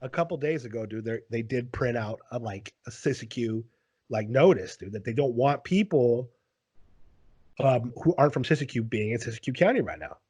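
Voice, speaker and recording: A man hosting a casual podcast who talks in quick bursts, restarts often and keeps saying "dude". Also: medium pitch, animated, a little mellow, husky. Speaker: podcast host.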